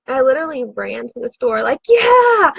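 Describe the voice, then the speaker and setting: A woman's voice: fairly high pitch, fast, gravelly, breathy edge, dull audio. A woman who has been drinking, telling a rambling, profane story to a live audience in a frantic, confessional way.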